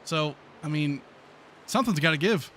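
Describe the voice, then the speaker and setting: A man calling a sim truck race live as play-by-play commentator, chatty and excitable with frequent fillers. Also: on the high side, normal speed, slight background noise.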